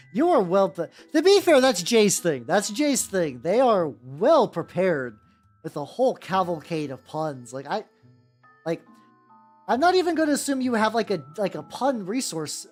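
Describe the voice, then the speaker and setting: Rambling, animated VTuber streamer. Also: medium pitch. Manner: rambling, many "like"s and restarts, jokey. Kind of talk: casual chat while painting miniatures.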